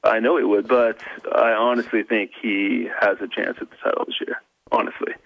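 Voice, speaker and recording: A man with a lowish voice calls in to a casual chat show. He talks in a halting way, full of fillers and restarts. The line is muffled and lo-fi, and the sound is dry and close. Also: fairly even intonation, vocal fry, dry recording. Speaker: caller.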